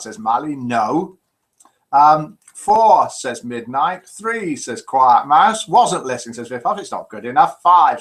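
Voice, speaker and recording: A man over fifty hosts a live call-in show, his pitch swinging up and down as he jokes along. He reads out viewers' messages in a voice sitting a little high for a man. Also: a bit bright. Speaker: host.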